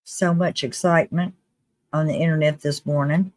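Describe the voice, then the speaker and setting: A live-stream host giving casual commentary in a chatty, earnest way, with restarts and quick laughs. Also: mid-range voice, steady tone, darkish tone, no echo. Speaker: livestream host.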